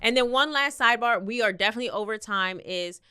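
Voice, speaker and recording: A woman's voice: fairly high pitch, fast, sharp tone, smooth. A woman hosting a casual interview podcast, chatty and effusive, telling stories and asking questions. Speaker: podcast host.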